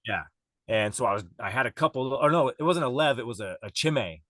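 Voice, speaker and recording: A man's voice: mid-range voice, lively intonation, brisk, pushed and bright, dry recording. A man guest on a podcast, telling a wild story in a rambling, profane way with frequent laughs. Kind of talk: casual storytelling chat.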